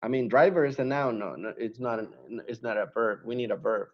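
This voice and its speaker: A man's voice: medium pitch, fairly quick, highs cut off. A man teaching an online English class, patiently repeating words to drill pronunciation.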